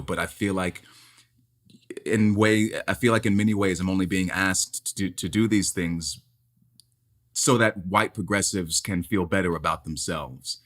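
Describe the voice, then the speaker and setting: Baritone male actor, emphatic. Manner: emphatic, animated, repeating words as he builds a point. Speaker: stage actor. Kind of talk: candid conversational interview.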